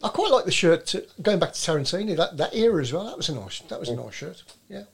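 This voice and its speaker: A man's voice: fairly high pitch, big pitch swings, quick pace, vocal fry, over music. A man in a casual chat who agrees a lot.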